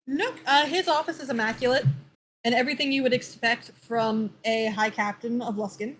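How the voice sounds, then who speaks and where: A woman running a tabletop game as dungeon master, narrating scenes and speaking for a captain in a measured, amused way. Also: on the high side, a bit bright, slight background noise.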